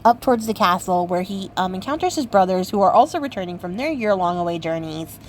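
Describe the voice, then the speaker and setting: A woman's voice: mid-range voice, animated, quick pace, a little hiss or hum, rough recording. A young woman hosting a craft channel, retelling a fairy tale in a chatty, playful way with lots of fillers. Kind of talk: casual story retelling.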